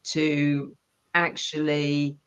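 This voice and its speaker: A woman co-hosting a live spiritual reading stream, speaking slowly and haltingly as she searches for words. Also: low voice, completely flat delivery, a bit bright, clean tone. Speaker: psychic reader and co-host. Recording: muffled, dull audio.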